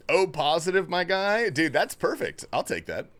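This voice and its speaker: A man's voice: sits high, very animated, measured pace, a bit bright. A young adult man hosting a livestream, chatting casually, joking, swearing and thanking viewers from chat. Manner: loose, joking, swears a lot; reads and thanks chat messages. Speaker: livestream host.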